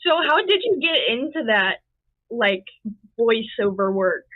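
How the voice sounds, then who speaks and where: A woman's voice: a little high, big pitch swings, unhurried, dry recording. A woman hosting an interview and asking friendly, upbeat questions. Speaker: interview host. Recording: tinny phone-like line.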